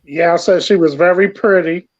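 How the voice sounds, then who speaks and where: A middle-aged man answering interview questions in a warm, measured way. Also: high-pitched, dry recording, dull audio. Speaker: guest, the host's father.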